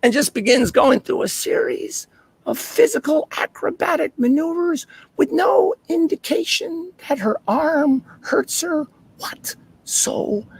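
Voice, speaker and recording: A man performing an earnest, reflective personal storytelling monologue with dramatic swings in pitch and loudness. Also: animated, measured pace.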